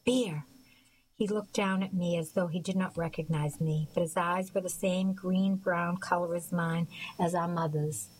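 A woman reading a novel aloud as a volunteer radio reader, in an even, unhurried way with small slips. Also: on the low side, slight background noise, rough recording.

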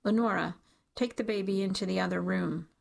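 A woman's voice: mid-range voice, steady tone, a little fast, creaky. A woman reading an audiobook, voicing a stern aristocratic father who gives cold, contemptuous commands.

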